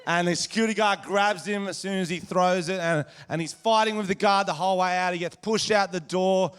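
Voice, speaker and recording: An Australian man performing a stand-up comedy set on stage, telling crude stories with loud shouted impressions. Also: a little high, smooth. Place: comedy venue stage before a live audience.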